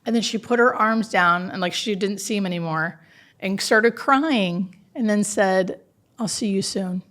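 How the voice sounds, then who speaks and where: A woman, a hospice nurse, telling stories in a conversational interview, animated and earnest with many filler words. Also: mid-range voice, unhurried.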